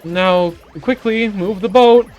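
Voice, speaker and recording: Man putting on a pompous high-voiced merchant captain. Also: takes it slowly, darkish tone, dull audio, faint music behind. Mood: pompous alarm. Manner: grandiose, theatrical, old-fashioned formal phrasing. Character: pompous vain adult male merchant captain.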